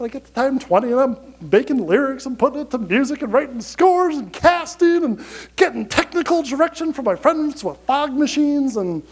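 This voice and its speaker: A man giving a motivational conference talk to an audience, energetic and chatty, often asking "right?". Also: very high voice, poor audio. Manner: energetic, chatty, repeats "you gotta" and "right?". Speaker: conference speaker.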